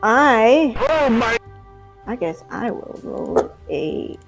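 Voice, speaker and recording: Slow, giggly young woman game master. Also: a little high, big pitch swings, creaky, over music. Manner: giggly, halting narration with many ums. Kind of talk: narrating a tabletop game.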